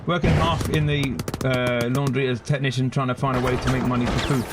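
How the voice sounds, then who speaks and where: A man in his forties chatting casually with viewers while streaming a shooter game, chatty and quick to react. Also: medium pitch, steady tone, very noisy. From United Kingdom. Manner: chatty, chats with viewers between outbursts at the game. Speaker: gaming streamer.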